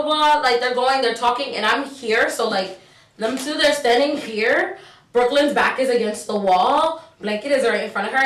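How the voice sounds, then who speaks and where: A woman's voice: fairly high pitch, distant mic. A young woman telling a story in casual, slangy vlog talk, acting out the dialogue. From New York. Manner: animated, slangy, acts out dialogue. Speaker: vlogger. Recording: roomy, set back from the mic.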